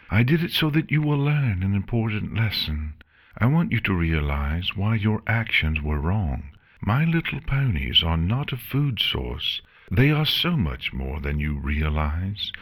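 A man voicing a calm, gentle royal princess who lectures kindly in a fan storybook reading. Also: fairly low pitch, pitched above the performer's own voice, heavily acted.

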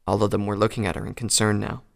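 A man reading a pony fan fiction story aloud in a calm, even storytelling voice. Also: fairly low pitch, fast talker, gravelly. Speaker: narrator.

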